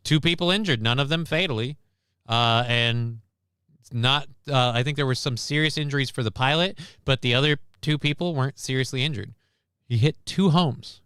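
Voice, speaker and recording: A man's voice: medium pitch, normal speed, fairly bright tone, clean tone, no room sound, clean studio sound. A man hosting a livestream, reacting to news clips in blunt, sarcastic casual commentary, swearing often. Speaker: livestream host.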